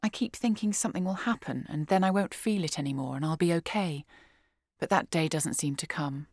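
A woman reading aloud, voicing a fragile, sorrowful English mother of fifty-six who speaks quietly and hesitantly. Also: sits low, a little fast, husky, no room sound, clean studio sound. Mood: sad, subdued.

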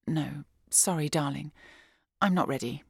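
A woman reading aloud, voicing a fragile, sorrowful English mother of fifty-six who speaks quietly and hesitantly. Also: sits low, measured pace, vocal fry, slightly rough, dry recording, clean studio sound, full character voice. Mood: sad, subdued.

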